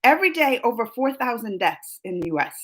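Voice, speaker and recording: A woman's voice: a little high, sing-song, a little fast. A woman hosting a casual live stream who laughs often and greets her chat by name. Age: adult, mother of school-age kids. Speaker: livestream host.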